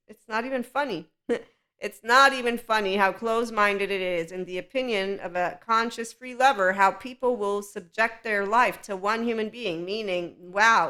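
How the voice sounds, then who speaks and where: A woman with a bright, forward tone hosts a solo spiritual self-help podcast. She speaks frankly and with strong opinions, and often breaks into laughter between thoughts. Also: medium pitch. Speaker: podcast host.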